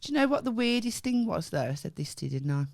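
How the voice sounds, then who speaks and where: A woman's voice: a little high, very animated, fast talker, vocal fry, a little mellow, no echo, clean studio sound. A woman co-hosting a casual comedy podcast, swearing and laughing as she tells stories. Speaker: podcast co-host. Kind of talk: casual chat.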